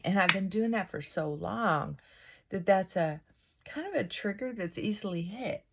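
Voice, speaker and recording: A woman hosting a casual get-ready-with-me vlog, reflecting out loud and often asking rhetorical questions. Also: medium pitch, normal speed, background noise. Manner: musing, asks many rhetorical questions; thinking aloud with frequent restarts and asides. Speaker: vlog host. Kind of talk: casual reflective monologue while getting ready.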